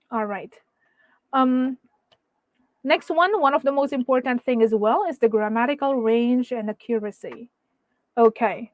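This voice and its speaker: A woman's voice: a little high, no echo. A woman teaching exam speaking skills in an online webinar, patiently explaining and often checking in with "okay?" and "right?". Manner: tags sentences with "okay?" and "right?". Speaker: IELTS speaking trainer.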